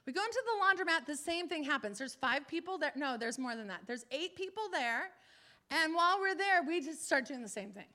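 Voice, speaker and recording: A woman preacher telling a testimony in a sermon, animated, acting out the people she quotes. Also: sits high, normal speed.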